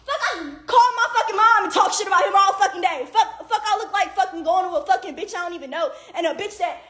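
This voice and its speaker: A young woman with a very high voice, venting on a livestream in a heated rant. She swears nonstop, leans on "like" and "bro", and sounds fed up. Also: fast talker, fairly bright tone. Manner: heavy profanity, repeated "like" and "bro"; indignant and exasperated, with bursts of laughter.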